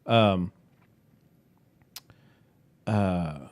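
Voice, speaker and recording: A man's voice: low-pitched, very slow. Folksy West Virginian man telling stories. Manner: rambling storyteller, folksy, jokey. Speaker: podcast co-host. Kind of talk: casual chat.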